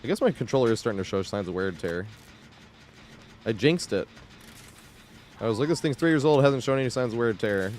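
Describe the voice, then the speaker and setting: A man's voice: mid-range voice, lively intonation, brisk, long pauses, darkish tone, slight background noise. A man streaming live gameplay, talking casually and swearing, humming and muttering to himself as he plays at home. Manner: casual, swearing, hums and mutters while playing.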